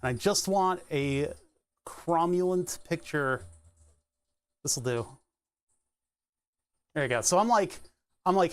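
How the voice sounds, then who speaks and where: A man's voice: sits high, unhurried, long pauses. A man streaming live, chatting casually and thinking aloud as he pedals an exercise bike, laughing often. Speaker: Twitch streamer.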